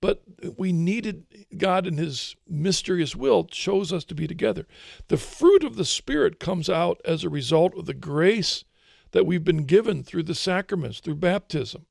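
A man talking through Christian ideas in a relaxed discussion, thoughtful and often repeating words as he searches for phrasing. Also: sits high, a little slow, vocal fry, no echo, clean studio sound. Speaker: author and co-host of a faith discussion. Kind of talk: casual religious discussion.

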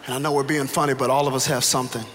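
A male pastor in his thirties preaching a sermon, telling a funny story with animated energy that builds to excited shouts. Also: mid-range voice, very fast. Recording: echoey hall, live room ambience.

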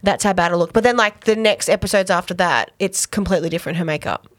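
A woman's voice: lowish voice, fast, no room sound. Woman, podcast co-host, casual chat, giggly, filler-heavy, dry close mic. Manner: chatty, giggly, with frequent fillers. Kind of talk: casual chat recapping a TV episode.

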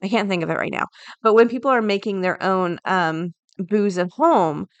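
A woman hosting a daily podcast, chatting casually and reading an article aloud, thinking out loud as she goes. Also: mid-range voice, normal speed, no room sound. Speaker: podcast host.

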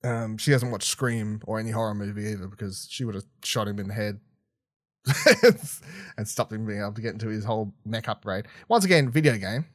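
A man's voice: on the low side, sing-song, fairly quick, no echo. A man chatting through an episode review as a podcast co-host, exasperated and swearing between bursts of laughter. His voice rises and falls a lot as he rants. It sounds dry and close, with no room around it. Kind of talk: casual review chat.

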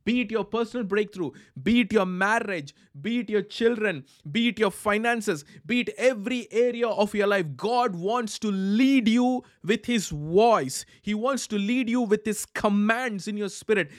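Fervent high-voiced preacher, dry close sound. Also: male voice, normal speed, few pauses, no echo. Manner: fervent, repetitive, breaks into tongues. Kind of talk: charismatic sermon with prayer.

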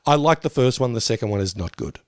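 A man's voice: mid-range voice, expressive, fast talker, no echo, studio quality. A man in his fifties co-hosting a podcast in casual chat, who laughs often, swears and acts out quotes. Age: 50s. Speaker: podcast co-host.

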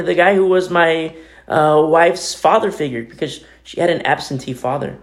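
Middle-aged male pastor, gravelly, talky sermon delivery with loud-soft swings. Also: on the high side. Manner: conversational preaching, sudden swings between loud and quiet.

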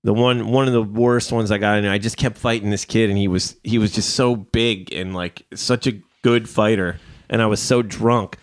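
A man's voice: lowish voice, steady tone, moderate pace, few pauses. A man hosting a casual podcast, telling rambling stories and swearing freely. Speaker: podcast host. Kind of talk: casual chat.

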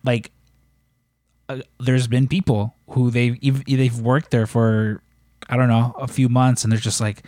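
A man's voice: mid-range voice, level tone, a little slow, dark tone, no echo. Man hosting a casual chat, dry room sound, hesitant and filler-laden. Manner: hesitant, lots of "like" and restarts.

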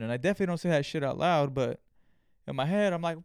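Profane, animated male podcast host. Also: fairly high pitch, rapid-fire, clean tone, no room sound, clean studio sound. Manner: profane, animated storytelling, acts out his own inner voice. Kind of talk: solo podcast monologue.

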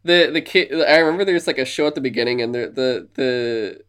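A man's voice: medium pitch, a little fast, a bit bright, clear, resonant tone. A man co-hosting a casual podcast, eagerly retelling movie scenes and now and then dropping into silly voices. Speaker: podcast co-host.

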